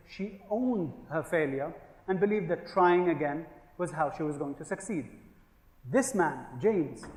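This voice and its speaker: A man giving a humorous business keynote, telling stories and asking the audience questions. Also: on the high side. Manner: storytelling with jokes and rhetorical questions. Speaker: conference speaker. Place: large conference hall. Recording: echoey hall with long reverb.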